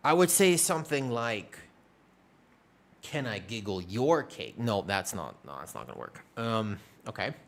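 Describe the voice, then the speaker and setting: A man's voice: on the low side, very animated, measured pace. A man streaming, chatting casually with viewers, rambling and self-deprecating, swearing casually.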